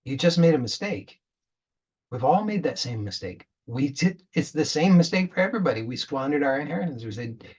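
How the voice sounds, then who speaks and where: A man's voice: fairly high pitch, lively intonation, a little fast, darkish tone, husky, highs cut off. A man giving a spiritual talk as a coach, earnest, often repeating words and restarting as he retells a parable.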